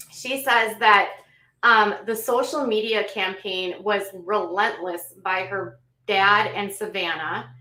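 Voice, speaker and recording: A woman host recapping a story and adding her own commentary, in a measured way with frequent ums and self-corrections. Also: mid-range voice, sharp tone. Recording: echoey room, voice a bit off the mic.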